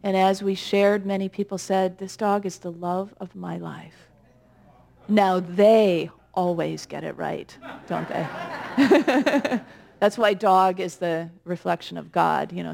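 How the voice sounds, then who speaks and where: A woman minister giving a conversational, gently humorous sermon with reflective pauses. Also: on the low side, gravelly.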